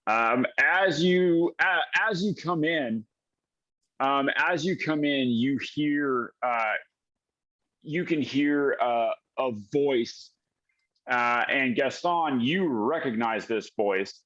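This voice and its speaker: Male game master who narrates slowly and hesitantly, with lots of ums; dull, lo-fi sound. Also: medium pitch, a bit bright. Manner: hesitant, many fillers and restarts.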